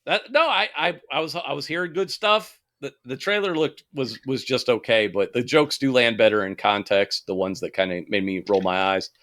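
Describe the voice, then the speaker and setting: A man's voice: mid-range voice, normal speed, hardly any pauses. A man in his thirties co-hosting a podcast, chatting casually and swearing freely while recommending a film. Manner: profane, animated movie recommending. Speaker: podcast co-host. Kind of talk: casual chat.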